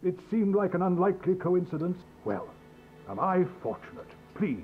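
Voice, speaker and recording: An actor playing a jolly, bumbling middle-aged knight in a video game, cheerful and polite in a drawn-out way. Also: male voice, high-pitched, big pitch swings. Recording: tinny, lo-fi game audio with music.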